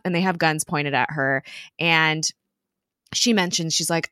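A woman's voice: low voice, measured pace, a bit bright, clean tone, dry recording, studio quality. A young woman co-hosting a podcast, recapping a TV episode in casual chat, swearing now and then and acting out the characters' lines.

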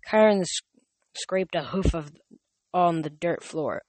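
A man's voice: sits high, a little slow, dry recording. A man reading a novel aloud, often stumbling and correcting himself. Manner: frequent slips and self-corrections. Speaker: reader.

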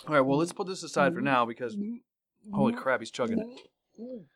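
A man co-hosting a casual beer-tasting podcast, joking and breaking into loud sudden outbursts. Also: medium pitch, sing-song, moderate pace. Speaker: podcast co-host. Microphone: studio microphone.

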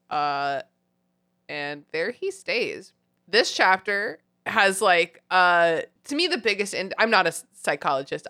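A young adult woman hosting a casual podcast, chatty and laughing often, acting out quotes in a high voice. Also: sharp tone. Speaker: podcast host.

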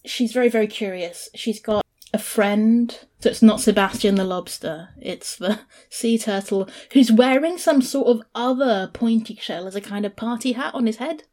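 A woman's voice: fairly high pitch, moderate pace. A woman hosting a casual chat, animatedly retelling a picture book. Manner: animated storyteller, chatty.

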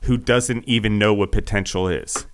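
A man co-hosting a podcast, talking emphatically and loudly close to the mic. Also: fairly low pitch, steady tone, moderate pace, a little hiss or hum. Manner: emphatic, worked up, loud into the mic. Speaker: podcast co-host. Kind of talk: casual podcast chat.

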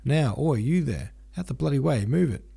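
A man playing an imposing young staff officer who orders people about and teases his friend in rough slang. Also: medium pitch, lively intonation, moderate pace, dark tone, pitched above the performer's own voice, heavily acted. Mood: bossy. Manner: bossy, joking, rough slang.

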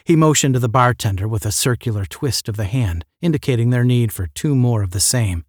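A man narrating a science fiction audiobook in a steady, measured reading. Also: medium pitch, no echo, clean studio sound.

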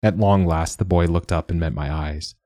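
A man giving measured, wry, reflective first-person audiobook narration. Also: sits low, steady tone, mellow, dry recording, studio quality.

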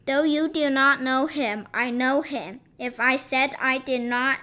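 High, bright-voiced woman reading scripture. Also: steady tone, unhurried. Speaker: scripture reader.

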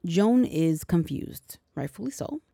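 A woman's voice: fairly low pitch, lively intonation, unhurried, vocal fry, dark tone, husky, no room sound, clean studio sound. A woman hosting a podcast, recapping a movie in a chatty way with sarcastic asides. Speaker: podcast host.

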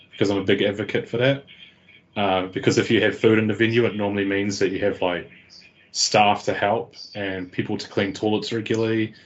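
Laid-back rambling podcast host man. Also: on the low side. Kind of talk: casual podcast chat. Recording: dull lo-fi sound.

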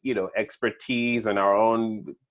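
Male interview host, halting and affirming. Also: lowish voice, little pitch movement. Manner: affirming listener, halting and searching for words. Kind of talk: conversational interview.

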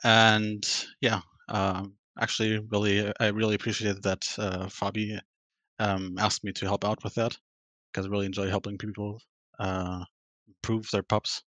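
A man from Germany joining a casual chat as a guest, soft-spoken and hesitant. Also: on the low side, level tone, moderate pace, no room sound.

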